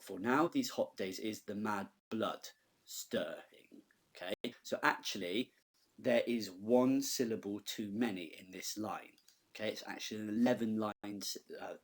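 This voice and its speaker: A man's voice: lowish voice, husky. A male teacher talking through a recorded lesson in a conversational way, checking in with the class with frequent "okay?"s.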